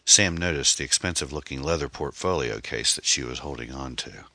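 A man reading a mystery novel aloud as scripted audiobook narration, expressive and steady, on a close microphone. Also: very deep voice, brisk, hardly any pauses, no room sound.

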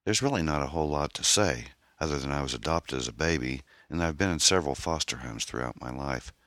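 A man voicing a troubled young woman, an orphan who talks in a hesitant, halting, pained way. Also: extremely low pitch, lively intonation, a bit bright, no room sound, clean studio sound. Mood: guarded, pained.

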